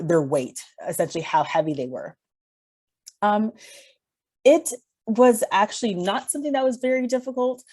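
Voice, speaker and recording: A woman's voice: on the low side, dark tone. A young adult woman giving an earnest, personal talk on mental health. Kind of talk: presentation talk.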